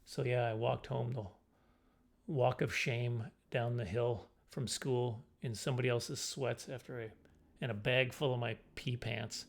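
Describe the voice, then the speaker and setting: A middle-aged man telling a self-mocking comic story to camera in a casual, animated way. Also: measured pace, creaky. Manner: animated, self-mocking, jumps into high squeaky voices for his younger self. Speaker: comedian storyteller.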